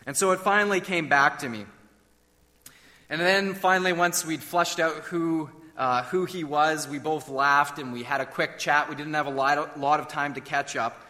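A man's voice: a little high, steady tone, moderate pace, sharp tone, long reverb tail. A man preaching a sermon in a conversational storytelling way, asking his listeners questions. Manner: conversational, asks the audience questions.

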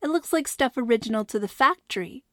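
A woman's voice: a little high, animated, fast, a bit bright, no room sound, studio quality, pitched above the performer's own voice. A woman voicing a curious, rule-minded schoolgirl who asks earnest questions.

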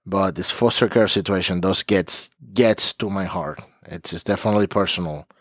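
A man's voice: deep voice, normal speed, a bit bright, no echo, clean studio sound. A man hosting a podcast as a therapist, speaking earnestly and emotionally and often repeating words as he searches for them. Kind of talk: heartfelt podcast monologue.

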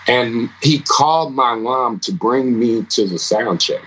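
Laughing, animated musician telling stories. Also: male voice, mid-range voice, a little slow, slight background noise, low-quality recording. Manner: animated, laughs often, acts out quotes. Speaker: guest musician. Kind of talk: casual storytelling interview.

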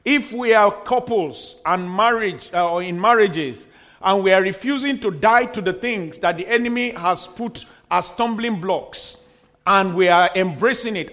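High-voiced emphatic male preacher. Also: a bit bright. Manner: emphatic preacher with repeated refrains and humorous asides. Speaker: pastor. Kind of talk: sermon.

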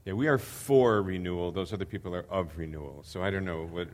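A man's voice: low voice, brisk, darkish tone. An older man preaching as a visiting pastor, earnest and hesitant with many fillers, building to emphatic repetition. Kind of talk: sermon.

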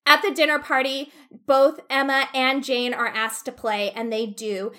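A young woman casually recapping a book on a podcast, acting out the characters in quick voices and laughing often. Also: high-pitched, little pitch movement, pushed and bright. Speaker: podcast co-host.

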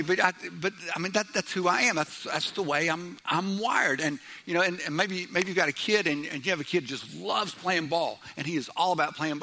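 A middle-aged man preaching a sermon in church, loud, animated and joking. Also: a little high. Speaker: pastor.

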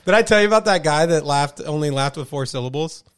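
A young man co-hosting a podcast, chatting casually and excitably, often saying "dude" and jumping up in pitch when joking. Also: fast talker, a crowd in the background. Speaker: podcast co-host. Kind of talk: casual banter.

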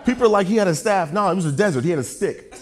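A male preacher telling a sermon story, his voice bouncing up and down with lively energy and a fairly high pitch. He jokes at his own expense and keeps the room engaged with quick asides. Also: heavy background noise. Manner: animated, joking storyteller.

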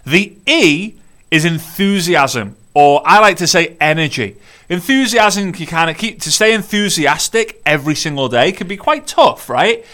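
A man from the United Kingdom delivers a rallying motivational talk, speaking straight to his listeners and circling back on phrases for emphasis. His voice is bright and forceful, sitting a little high for a man. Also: a little slow. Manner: energetic, repetitive, rallying, direct address to listeners. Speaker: network marketing business coach. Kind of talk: motivational monologue.

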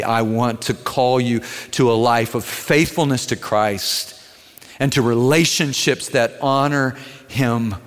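A man preaching a sermon as a pastor, earnest, moving between quiet tenderness and raised intensity. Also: mid-range voice. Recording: long hall reverb.

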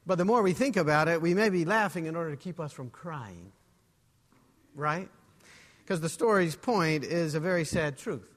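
A man preaching a sermon as pastor in a church, in a measured way. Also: fairly high pitch, lively intonation, in a large hall.

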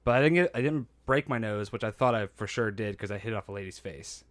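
A man's voice: on the low side, fast, dry recording. A man casually telling a story on a podcast, acting out quotes and laughing often, a bit nasal from a hurt nose.

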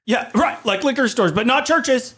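A man's voice: very high-pitched, moderate pace, a bit bright, slightly rough. A man co-hosting a casual podcast, ranting bluntly and swearing freely. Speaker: podcast co-host.

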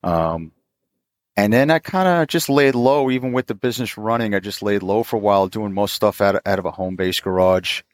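A man in his fifties, a mechanic, telling stories in a chatty, animated way as an interview guest. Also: lowish voice, a little fast, dry recording, clean studio sound. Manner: chatty, animated, laughs often. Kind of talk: casual storytelling.

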